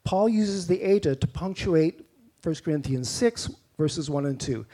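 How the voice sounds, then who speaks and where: A man's voice: a little high, expressive, a little slow, warm tone. A man with a Canadian accent preaching a sermon in a conversational way, with rhetorical questions and mock-incredulous asides.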